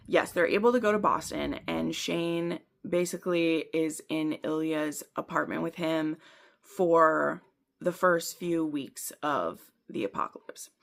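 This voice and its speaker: A woman's voice: on the low side, vocal fry, a bit bright. A woman hosting a book channel, talking through her reading in a chatty, rambling way with lots of fillers. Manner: laughs at herself often. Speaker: book vlogger. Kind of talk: casual book review chat.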